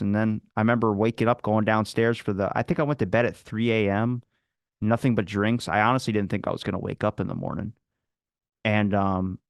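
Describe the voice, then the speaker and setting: A man's voice: on the low side, dry recording, clean studio sound. A man telling a rambling, casual story as a podcast guest, with plenty of fillers and acted-out quotes. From Philadelphia area. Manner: rambling anecdotes, acts out quoted people.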